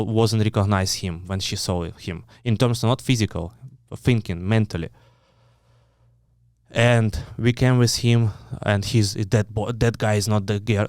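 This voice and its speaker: A man with a Ukrainian accent, speaking English as a second language, his voice low and smooth. He tells his story bluntly, cursing freely and restarting his sentences often. The sound is close and dry, with no room around it. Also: a little mellow, no room sound. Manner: blunt, swears often, acts out quoted dialogue; broken English, frequent restarts. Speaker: guest. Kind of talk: storytelling in an interview.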